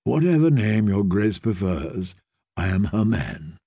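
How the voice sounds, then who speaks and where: Courteous young knight, deep soft voice, slow, deferential, as a male narrator puts him on. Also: sing-song, husky, no echo, clean studio sound, full character voice.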